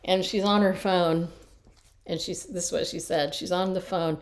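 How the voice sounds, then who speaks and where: Middle-aged lady coach just chatting, lowish voice, repeats herself a lot. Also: fairly even intonation, moderate pace. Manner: chatty, repeats words when restarting. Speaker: Christian life coach. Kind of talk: casual storytelling talk.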